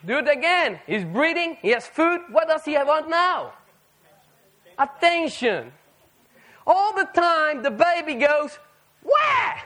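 A man preaching a sermon to a live audience, animated and firing rhetorical questions at the listeners. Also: extremely high pitch, takes it slowly.

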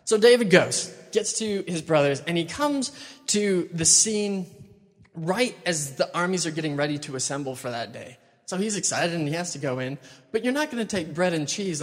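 A young man preaching in a chatty, casual way, retelling a Bible story and acting out the quotes. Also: on the high side. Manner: chatty, uses "like" a lot, acts out quotes. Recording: long hall reverb.

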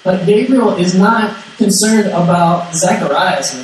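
A man's voice: high-pitched, measured pace, a crowd in the background. Male preacher, casual sermon delivery with repeated words, mic set back, heavy room echo. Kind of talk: sermon, conversational Bible teaching. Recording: echoey hall, distant mic, faint noise.

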